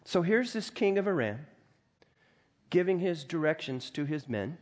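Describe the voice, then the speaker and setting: A man preaching a sermon as pastor, reading scripture aloud and commenting on it in a lively, conversational way, often clearing his throat. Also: on the high side, moderate pace.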